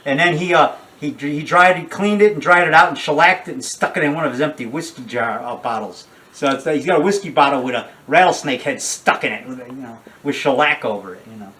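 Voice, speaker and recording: A man's voice: on the high side, fairly quick, hardly any pauses, pushed and bright, recorded from a distance. An older man, a horror filmmaker, talking casually in a rambling, digressive way with many restarts and asides.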